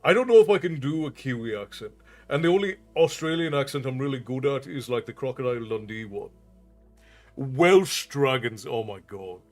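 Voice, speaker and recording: A man's voice: medium pitch, animated, normal speed, faint music behind. A man with an unusual Irish accent, chatting with viewers on a live stream and answering their comments aloud. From Ireland. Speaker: storytelling streamer.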